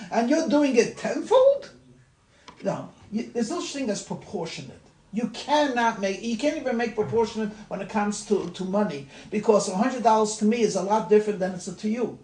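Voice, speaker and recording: A man's voice: high-pitched, big pitch swings, normal speed, darkish tone. A man, a rabbi, giving an informal class talk, conversational and repeating his words as he goes. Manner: conversational, repeats words, laughs at own examples. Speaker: rabbi leading a class discussion. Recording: echoey room with light noise.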